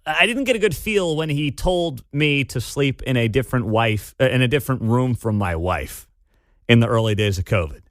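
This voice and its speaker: A man's voice: mid-range voice, expressive, moderate pace, no echo. A man hosting a talk radio show, sarcastic and scornful in an opinionated monologue at a studio mic. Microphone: studio microphone.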